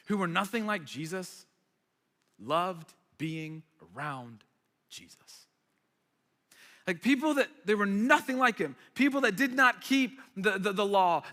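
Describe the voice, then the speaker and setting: A man's voice: high-pitched, sharp tone. A man preaching a sermon as a pastor, conversational and emphatic with playful asides. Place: church hall. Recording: reverberant hall.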